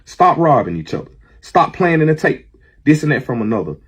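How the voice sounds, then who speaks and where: A man's voice: on the high side, very animated, brisk, a bit bright, slightly rough. A man giving a heated, profane monologue to his audience on a stream, preaching and rising into angry outbursts.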